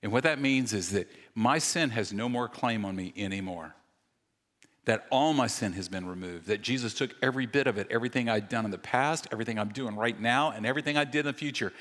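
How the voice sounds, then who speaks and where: Preaching a sermon from the stage, this medium-pitched pastor keeps things lively, trading punchy jokes for earnest, softer moments. Quick flashes of self-mockery run through it, while every line echoes in a long, ringing reverb from the big hall.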